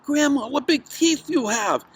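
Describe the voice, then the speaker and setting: A man voicing a sweet, innocent young girl in a storybook tale, with high girlish squeals. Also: big pitch swings, slow, creaky, a bit bright, husky, full character voice. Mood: wondering.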